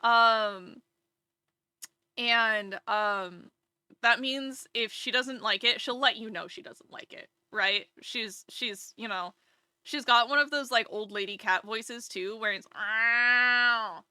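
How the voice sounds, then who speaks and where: Woman streamer, casual live chat, bright crisp tone, close dry sound, rambling delivery. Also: fairly high pitch, takes it slowly, dry recording. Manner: rambling, chatty, with many fillers and restarts.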